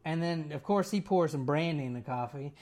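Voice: mid-range voice, fairly quick, darkish tone. A person telling a story to friends in a casual, rambling way, with many "like"s and "right?"s.

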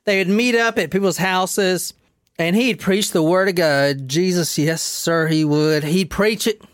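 A man's voice: high voice, measured pace, no room sound, studio quality. A man hosting a casual podcast, telling a true-crime story in a wry, dramatic way and reading quotes aloud.

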